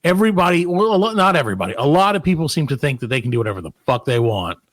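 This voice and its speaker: A man's voice: on the high side, big pitch swings, racing, fairly bright tone, no echo. A man hosting a casual comedy podcast, rambling and swearing as he reads out odd news with asides. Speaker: podcast host.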